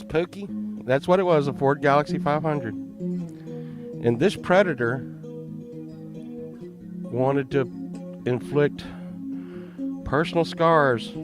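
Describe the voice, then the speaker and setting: Slow-talking man telling a rambling story. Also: a little high. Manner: rambling, profane, laughing at his own story. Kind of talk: casual storytelling. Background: plucked guitar music.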